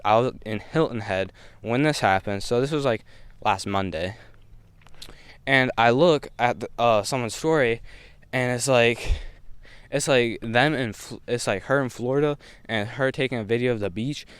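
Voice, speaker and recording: A young man tells a story in a laid-back vlog, full of slang and quick laughs. His voice comes across smooth and clear on a close mic. The sound is dry, with no room around it. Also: medium pitch, a bit bright, no room sound. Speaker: vlogger. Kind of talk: casual storytime.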